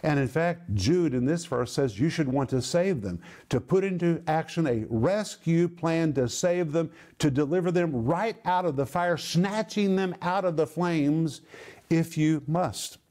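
A man's voice: a little high, darkish tone. Emphatic male Bible teacher. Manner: emphatic, stretches key words slowly; repeats words in lists for emphasis. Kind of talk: sermon teaching on Greek word meanings.

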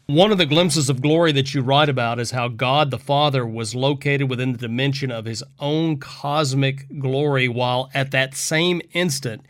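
Male interview host, dry close sound, calm affirming questions. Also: medium pitch, dry recording. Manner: affirming, measured.

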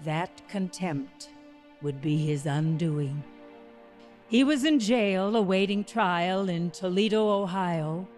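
A woman narrating a true dramatization in a measured, grave storytelling voice. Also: mid-range voice, darkish tone. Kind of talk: scripted narration.

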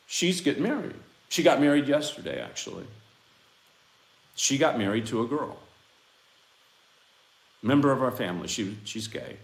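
A man preaches a fiery sermon and reads from scripture. He drops to hushed asides, then rises into loud, impassioned outbursts. His pitch swings widely, and the room carries a clear echo. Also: sing-song, normal speed, long pauses. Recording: echoey room.

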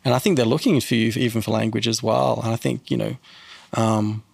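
Gravelly man telling faith stories. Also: mid-range voice, brisk, no echo. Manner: animated, acts out quoted people in a raised voice. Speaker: podcast guest. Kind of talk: casual faith talk with storytelling.

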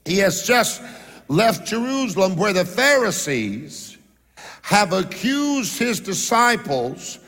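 A man's voice: high-pitched, big pitch swings, takes it slowly, a bit bright. A male pastor preaching a sermon to a congregation, calling for responses and stretching out words for emphasis. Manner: rises and draws out words for emphasis. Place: large church sanctuary. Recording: long reverb of a church hall.

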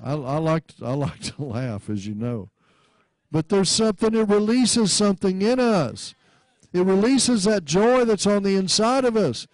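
A man's voice: sits high, unhurried, darkish tone, no room sound. A man preaching a sermon, often breaking into laughter and calling on the congregation to repeat after him, stumbling and restarting as he reads verses. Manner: repeats and restarts words while reading scripture.

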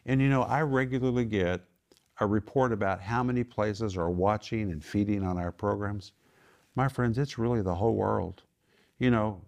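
His voice is lowish, creaky and darkish as he teaches scripture to a small home group. The Bible teacher and TV ministry host speaks with emphasis, repeats important phrases and quizzes the people around him.

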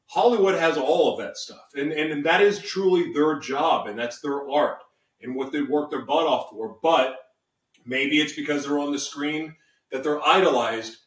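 A man's voice: on the high side, moderate pace. A man hosting an interview, effusive and rambling with frequent restarts. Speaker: interview host. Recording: echoey room, distant mic.

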